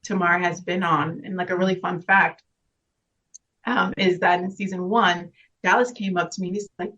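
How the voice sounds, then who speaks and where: A woman's voice: fairly low pitch, level tone, normal speed, a bit bright. A woman being interviewed as a guest actress, speaking earnestly and reflectively and laughing often in casual chat. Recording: slightly dull, lo-fi sound.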